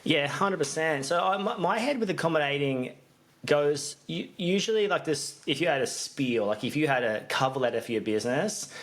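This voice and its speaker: A man's voice: fairly high pitch, animated, moderate pace, fairly bright tone. A man co-hosting a business podcast in casual chat, rambling with restarts and fillers. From Australia. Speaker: podcast co-host, business coach.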